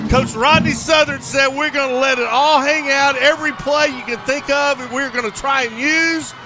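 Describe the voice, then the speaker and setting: Very high-voiced excited analyst man. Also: moderate pace, over music. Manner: enthusiastic, exclaiming, talks to the folks at home. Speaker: color analyst. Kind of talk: live sports commentary.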